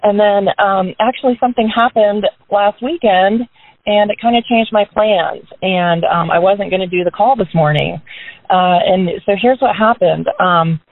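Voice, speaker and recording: A woman with a medium-pitched voice speaks at a moderate pace, giving her business team a relaxed, upbeat pep talk on a group call from her parked car. She keeps tacking tag questions onto what she says. There's no echo, and the audio has a dry, tinny phone-line quality.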